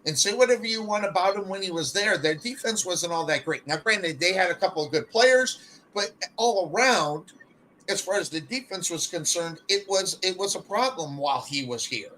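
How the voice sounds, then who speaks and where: A man's voice: sits high, lively intonation, normal speed, pushed and bright, slight background noise, poor audio. A man hosting a sports radio show, chatting casually and rambling with stammered restarts.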